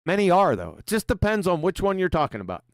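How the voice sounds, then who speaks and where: High, lively-voiced profane stream host. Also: male voice, fast, dry recording, clean studio sound. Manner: profane, mocking, laughs often. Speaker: livestream host. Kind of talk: combative livestream commentary, reading super chats.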